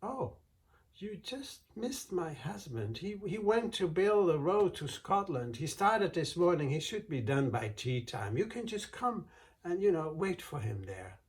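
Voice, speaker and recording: A man putting on a high, sweet-talking giant's wife. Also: sing-song, measured pace. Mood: sweetly coaxing. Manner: coaxing, falsely polite.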